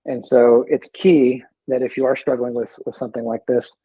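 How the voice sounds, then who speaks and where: A man with a husky, slightly breathy voice tells his story in an easygoing way, stopping often and going back over his words. His sound is dry and a bit muffled, like a lo-fi remote call. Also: mid-range voice, little pitch movement, normal speed, warm tone, no echo. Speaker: guest, veteran in recovery. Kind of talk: casual interview talk.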